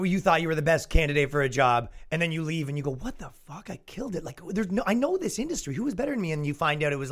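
A young Canadian man hosts his own comedy podcast with a sarcastic, swearing rant. His fairly high voice swings widely in pitch as he mocks opposing views. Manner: animated, sarcastic, swearing, mock-quoting opponents. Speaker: podcast host.

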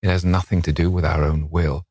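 A languid, cynical aristocrat trading in witty epigrams, read by a man. The voice is deep and unhurried, and the recording is dry and close. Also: flat delivery, a little mellow, slightly rough, no echo.

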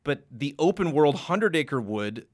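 Animated man with a lively voice. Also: on the high side, unhurried. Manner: animated storyteller, jumps into playful voices. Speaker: podcast host. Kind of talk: casual chat.

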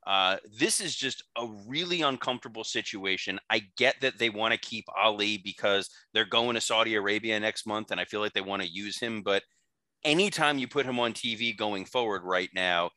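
A man co-hosting a podcast, recapping news in a measured, earnest way with profane asides. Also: lowish voice, pushed and bright, no echo. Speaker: podcast co-host. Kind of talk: casual chat, news recap.

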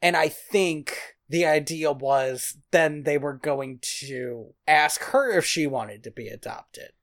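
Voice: mid-range voice, takes it slowly. A podcast co-host recapping a film in a wry, sarcastic, casual way. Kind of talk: casual chat reviewing a film.

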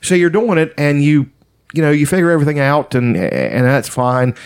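A man's voice: fairly high pitch, expressive, moderate pace, clean tone. Man, casual chat, rambling, profane, filler-heavy storyteller.

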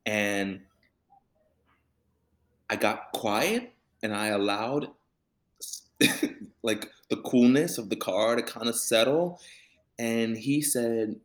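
A young man with a fairly low voice tells a personal story in a relaxed interview. He performs the other people's lines as he goes and laughs along with his own tale. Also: takes it slowly, pauses often. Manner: animated storyteller acting out quoted voices, with laughter. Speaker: musician and band leader.

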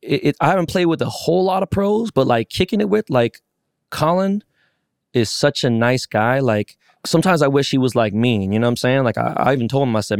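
A man's voice: mid-range voice, brisk, clear, resonant tone, no echo, clean studio sound. A man co-hosting a podcast, telling a story casually with lots of swearing and acted-out quotes. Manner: animated, profane, acts out quotes. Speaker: podcast co-host.

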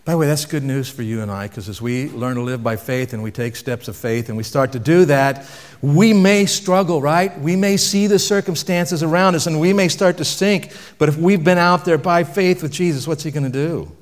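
A man with a fairly high voice preaches a sermon conversationally at a moderate pace, asking the audience questions and lowering his voice for emphasis. The recording carries long hall reverb.

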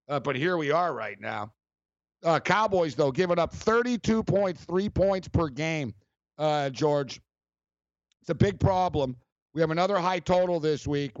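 A man's voice: a little high, no room sound, dull audio. A middle-aged man hosting sports talk radio, telling stories in a loose, rambling way with frequent laughs. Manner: rambling, storytelling, laughs often.

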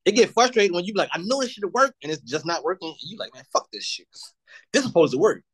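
A man's voice: high-pitched, expressive, quick pace, fairly bright tone, breathy edge. A man on a podcast, telling stories in a laid-back, profane, casual way. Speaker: podcast co-host. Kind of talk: casual chat.

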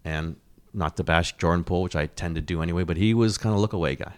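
Middle-aged male sports host, deep voice, rambling, animated, casual. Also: quick pace, smooth. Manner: rambling, animated, swearing, frequent restarts. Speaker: sports columnist and podcast host.

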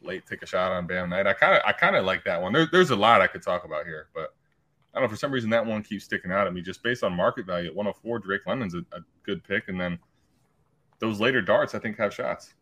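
A man co-hosting a casual podcast, talking things through in a relaxed way. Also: low-pitched, quick pace. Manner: relaxed, thinks aloud with restarts. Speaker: podcast co-host.

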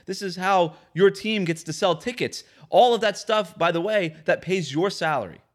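Speaking at normal speed in a voice that sits high, a man hosts a sports podcast. His monologue is a forceful, opinionated rant, and he ridicules quotes by imitating them in exaggerated voices.

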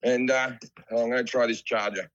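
A man's voice: mid-range voice, fairly even intonation, brisk, a bit bright, highs cut off. A man in his forties with an Australian accent, a comedian guest chatting casually over a video call, laid-back and self-deprecating, swearing offhandedly. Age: 40s. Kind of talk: casual podcast chat.

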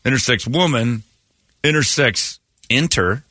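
A man's voice: medium pitch, expressive, measured pace, pushed and bright, no echo, studio quality. A man hosting a morning radio show, joking loosely and rambling through crude stories with frequent laughs.

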